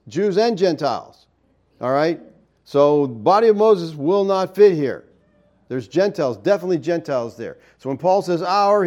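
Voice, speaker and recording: A man's voice: a little high, darkish tone. A man preaching a verse-by-verse Bible teaching, explaining Greek words and often checking in with the listeners.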